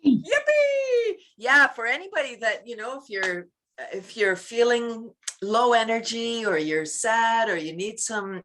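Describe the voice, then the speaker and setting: Woman, laughter yoga teacher, talkative and giggly, bright tone, video call. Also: fairly high pitch, a little slow, slight background noise. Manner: chatty, laughs often, bursts into loud laughter chants. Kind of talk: casual interview chat.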